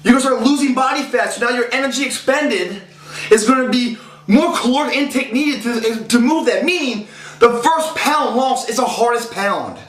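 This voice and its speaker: A man's voice: very high voice, lively intonation, moderate pace, a bit bright. A man giving an intense, profane, emphatic fitness motivational talk. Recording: echoey room.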